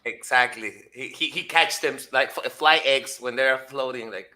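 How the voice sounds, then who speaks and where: A man's voice: mid-range voice, normal speed, sharp tone, a little hiss or hum. A man from Mexico co-hosting a stream, trading crude jokes and laughing. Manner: laughing, joking. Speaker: stream co-host. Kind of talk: crude casual banter.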